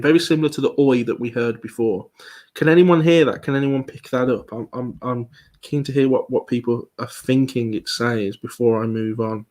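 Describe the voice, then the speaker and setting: A man giving a live online presentation as a paranormal investigator, talking with many pauses and restarts. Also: mid-range voice. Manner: hesitant, many ums and restarts.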